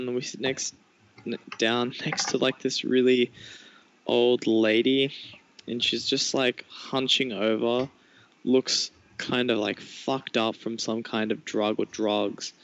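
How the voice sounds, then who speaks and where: A young man tells a story in casual podcast chat, rambling with lots of "like". His pitch sits in the middle of the range. He comes through dull, lo-fi call audio. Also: fairly even intonation, slow, a bit bright, slight background noise. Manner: rambling storyteller, full of "like" and restarts. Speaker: podcast co-host.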